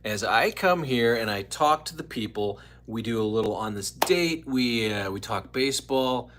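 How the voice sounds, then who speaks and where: A man's voice: mid-range voice, expressive, moderate pace, a bit bright, a little hiss or hum. Live stream host, male, chatty and meandering, easy mid-range voice, greets viewers one by one. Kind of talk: casual live stream chat.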